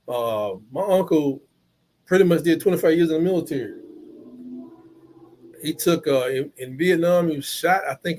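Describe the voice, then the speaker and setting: A man's voice: on the high side, darkish tone. A man hosting a live game watch-along, rambling through casual stories in colloquial slang. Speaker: live stream host.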